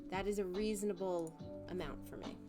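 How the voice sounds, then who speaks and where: A woman's voice: mid-range voice, steady tone, brisk. A young woman chatting casually on a live art stream at home, self-mocking and prone to repeating herself. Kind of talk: casual live-stream chat while painting. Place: home living room. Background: soft music playing.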